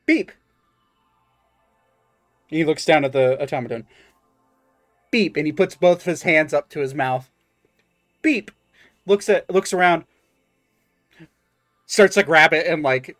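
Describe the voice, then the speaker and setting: A man narrating a tabletop game as game master, with a halting delivery full of ums and restarts. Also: a little high, a bit bright, soft background music.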